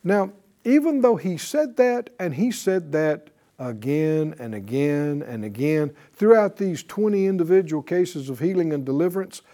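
A middle-aged Bible teacher with a fairly high, dark-toned voice and lively intonation teaches a sermon to a class at a moderate pace. He is emphatic, asking rhetorical questions and repeating phrases.

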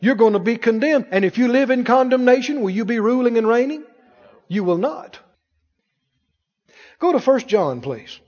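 High-voiced preacher man in an echoing hall. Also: lively intonation, normal speed, long pauses, darkish tone. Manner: emphatic, asks rhetorical questions and calls the congregation to repeat after him. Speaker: pastor. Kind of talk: sermon. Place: church hall with congregation. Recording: dull reverberant church recording.

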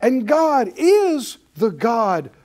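A man's voice: extremely high pitch, very animated, drawn-out words, a little mellow. A man preaching a sermon as a Bible teacher, emphatic and folksy, repeating key words and chuckling often.

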